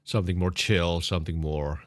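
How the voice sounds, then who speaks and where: A man co-hosting a podcast, telling a story in a casual, profane, animated way and laughing often. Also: low voice, normal speed, no echo, clean studio sound. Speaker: podcast co-host.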